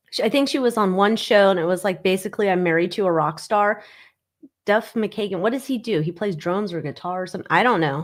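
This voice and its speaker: Woman, forties, casual livestream chat, rambling, sarcastic, swears, mid-pitched voice. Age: 40s. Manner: trails off with frequent 'I don't know'. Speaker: livestream host and tarot reader.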